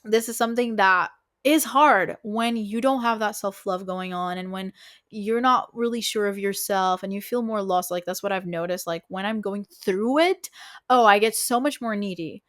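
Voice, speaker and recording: Recorded dry and at studio quality, this woman's medium-pitched, slightly bright voice hosts a podcast of casual relationship advice. She's frank and emphatic, cursing a lot and leaning on "like" and "you know" as fillers.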